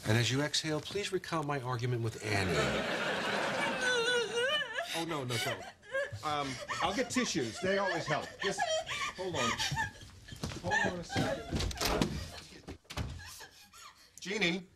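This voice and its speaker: A man's voice: on the high side, wildly swooping pitch, unhurried, pauses often, very noisy. A man acting in a sitcom as a playful, pleading doctor husband. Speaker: actor playing a doctor husband.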